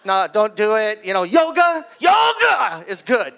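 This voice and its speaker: A man's voice: high-pitched, unhurried, gravelly, shouting. A man in his sixties telling a stand-up story at his own birthday party, acting out the screams and voices of the people in it. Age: 60s. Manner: animated storytelling, acts out screams. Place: party hall with guests.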